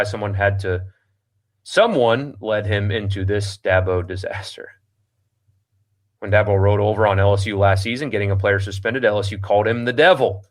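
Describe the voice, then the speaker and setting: A man hosting a sports talk show, reading listener comments aloud and answering them bluntly, with a lot of ums and restarts. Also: fairly low pitch. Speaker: sports radio host.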